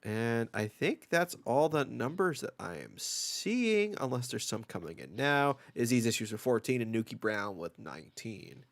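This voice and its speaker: A man co-hosting a casual live comics stream. He teases his co-host and reads through lists of viewer numbers in an even, chatty way. His voice sits at a middle pitch. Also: moderate pace, few pauses. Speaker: podcast co-host.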